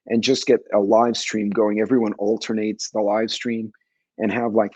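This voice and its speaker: A man's voice: lowish voice, darkish tone, husky, dry recording, rough recording. A man in his forties from New York City, hosting a casual livestream talk show and rambling as he answers viewer chat.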